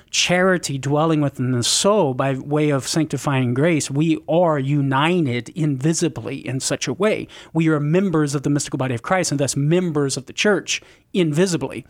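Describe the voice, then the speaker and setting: A man on a call-in radio show, explaining church teaching in an earnest, teacherly way. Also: fairly high pitch. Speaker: Catholic apologist radio guest.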